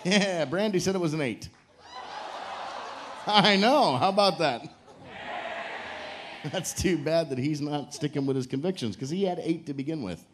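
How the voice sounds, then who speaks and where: A man's voice: a little high, moderate pace, long pauses, noisy background. A man hosting a live game show on a cruise ship stage, joking with couples and teasing them. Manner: joking, teasing, hypes the crowd.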